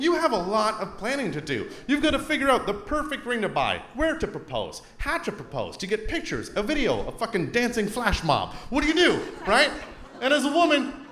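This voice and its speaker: A Canadian man performing a stand-up comedy set on a club stage into a handheld mic, animated, swinging between loud bursts and low asides. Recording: roomy club with crowd laughter.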